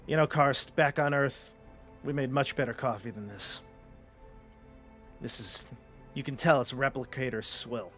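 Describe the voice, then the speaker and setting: A man voicing a stern, decisive aging starship captain in a tabletop game, speaking in clipped, gruff complaints. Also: mid-range voice, a little slow, pauses often, fairly bright tone, soft background music, close to an everyday voice. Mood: grumbling.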